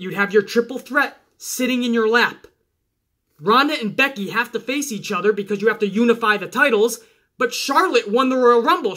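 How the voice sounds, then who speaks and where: A man hosting a casual wrestling podcast, animated and chatty, swearing and talking straight to his listeners. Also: extremely high pitch. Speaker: podcast host.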